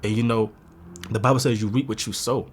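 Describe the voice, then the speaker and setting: A man in his twenties with a very low, deep voice, giving a candid personal testimony. He speaks earnestly and confessionally, and his voice carries a lot of emotion. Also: fairly even intonation, a little fast, husky. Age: 20s. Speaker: interviewee sharing a personal story.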